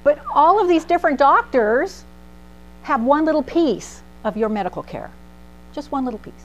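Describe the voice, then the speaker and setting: Speaking at normal speed in a high-sitting voice, a middle-aged pharmacist delivers a funny talk, animatedly performing characters' voices in her stories. The highs are cut off, and a faint mains hum sits under the recording.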